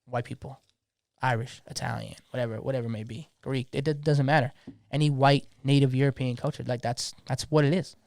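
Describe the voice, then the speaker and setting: A man's voice: mid-range voice, steady tone, brisk, creaky, a little mellow, no echo, studio quality. A young man, talking passionately in a slangy, casual podcast conversation, often repeating words as he gets going. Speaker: DJ guest.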